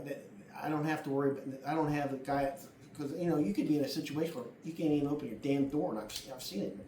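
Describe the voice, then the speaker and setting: A man's voice: on the high side, a little hiss or hum. A middle-aged man giving casual driving advice, blunt and full of swearing as he walks through a demonstration. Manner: blunt and profane, acts out other drivers. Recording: echoey room from a distance.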